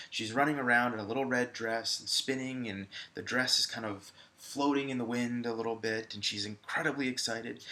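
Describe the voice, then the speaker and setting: A male high school English teacher giving a recorded video lesson, talking to viewers in a conversational way with frequent fillers. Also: sharp tone.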